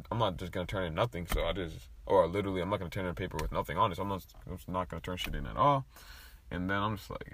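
Young guy ranting casually, bright voice, swears a lot, cracks himself up. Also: lowish voice. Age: young adult. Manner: profane, animated storytelling with big laughs. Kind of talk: casual chat, storytelling.

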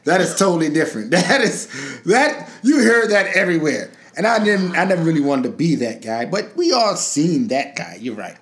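A man's voice: fairly high pitch, sing-song, moderate pace, hardly any pauses, a bit bright. Joking, profane man podcaster. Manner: joking, profane, laughs often. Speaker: podcast co-host. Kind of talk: casual chat.

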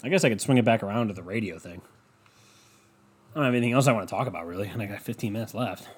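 A man's voice: on the low side, rapid-fire, slightly rough. A young man hosting a solo podcast, ranting in a rambling, sarcastic and profane way. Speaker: podcast host. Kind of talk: casual solo podcast rant.

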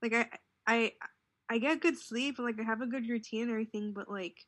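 A woman's voice: fairly high pitch, brisk, no echo, studio quality. Rambling young woman, casual chat. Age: young adult. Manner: relaxed, rambling, heavy use of "like". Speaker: podcast co-host.

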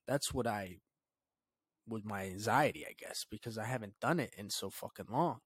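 A young man hosting his own podcast, telling a story in a loose, profane, rambling way and dropping to a low mutter when he quotes his own thoughts. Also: moderate pace, dry recording. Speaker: podcast host. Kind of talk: casual solo podcast storytelling.

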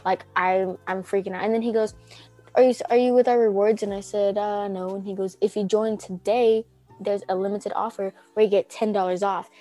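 A woman's voice: medium pitch, level tone, brisk, mellow, faint music behind. A teenage girl co-hosting a podcast, telling anxious stories in a rambling, casual way full of "like" and acted-out quotes. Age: teens. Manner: rambling, heavy use of "like", acts out quotes. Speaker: podcast co-host. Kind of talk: casual chat, storytelling.

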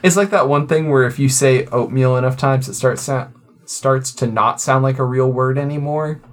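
A man from Portland co-hosting a podcast, laid-back and joking as he chats. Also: medium pitch. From Portland, Oregon. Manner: slow, laid-back and joking, often laughing off his words. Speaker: podcast co-host. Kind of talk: casual chat.

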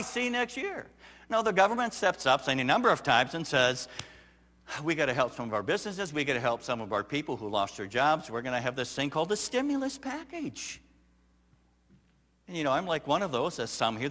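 A man preaching a sermon as pastor, dramatically swinging between loud emphatic lines and hushed ones, acting out the quoted voices. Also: on the high side. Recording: long reverb of a large hall.

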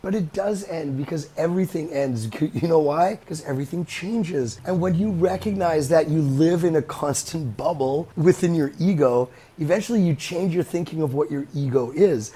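A man's voice: a little high, normal speed, hardly any pauses, warm tone, husky. A man hosting a podcast, talking in a rambling, reflective monologue and swearing freely. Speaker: podcast host.

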